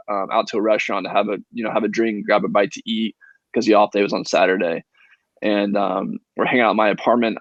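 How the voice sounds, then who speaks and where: A young man from Indiana, a guest on a podcast, telling a long story in a relaxed, rambling way full of ums. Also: fairly low pitch, dry recording, dull audio. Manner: relaxed, filler-heavy storytelling with many ums. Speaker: guest, professional baseball pitcher.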